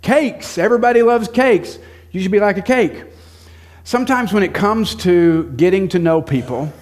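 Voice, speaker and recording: A middle-aged man preaching a sermon in a church, conversational and jokey with self-deprecating humor. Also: sits high. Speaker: pastor. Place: church sanctuary.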